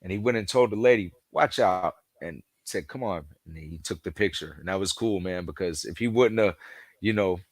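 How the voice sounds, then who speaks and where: Low-voiced man telling rambling stories. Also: moderate pace, no echo, studio quality. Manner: rambling storyteller, acts out quoted dialogue; leans heavily on "you know" fillers. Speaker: podcast guest, football fan. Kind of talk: casual chat.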